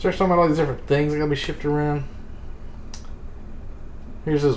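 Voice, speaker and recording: A man's voice: a little high, quick pace, pauses often, a little mellow. A man in a casual book club chat, retelling scenes in a rambling, profane, exasperated way. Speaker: streamer reviewing a book. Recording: roomy sound with faint ambient noise.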